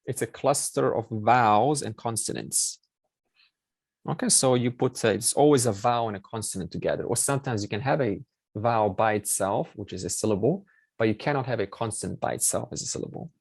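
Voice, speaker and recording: A man's voice: lowish voice, brisk, gravelly, dry recording. A man teaching a Sanskrit class online, explaining step by step and repeating key words with many fillers.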